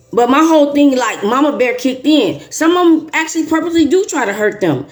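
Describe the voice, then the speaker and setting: Animated woman host, slightly high voice, emphatic casual talker. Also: moderate pace, faint music behind. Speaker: host and teacher. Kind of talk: casual chat with a guest.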